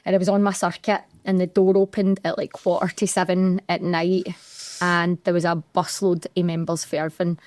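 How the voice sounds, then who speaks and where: A woman's voice: lowish voice, steady tone, moderate pace, a little mellow, dry recording. A young adult woman with a Scottish accent, co-hosting a podcast and telling a candid, emotional story from her own working life. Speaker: podcast co-host. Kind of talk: casual chat.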